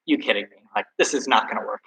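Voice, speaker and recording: A man's voice: lowish voice, quick pace, sharp tone, voice pushed down, low-quality recording. A man doing a doubtful, stuck old man. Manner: exasperated, doubting.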